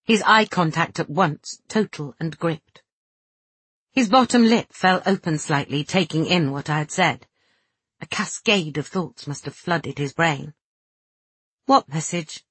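A woman narrating an audiobook in a slow, soft, measured reading with a husky voice. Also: sits low, no echo. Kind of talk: scripted narration.

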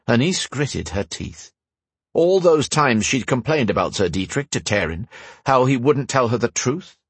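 A man narrating a fantasy audiobook in a measured, even storytelling manner. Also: medium pitch, breathy edge, no room sound. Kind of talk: scripted narration.

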